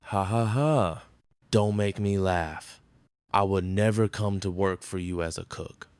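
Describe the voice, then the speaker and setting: An actor playing a gruff, blustering middle-aged diner cook in a sitcom. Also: male voice, low voice, fairly even intonation, measured pace, darkish tone, no room sound. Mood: scoffing. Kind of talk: sitcom acting.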